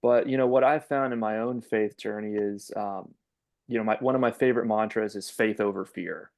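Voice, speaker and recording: A man hosting a podcast interview, relaxed and conversational, often repeating words as he asks open questions. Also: fairly low pitch, moderate pace. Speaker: podcast host.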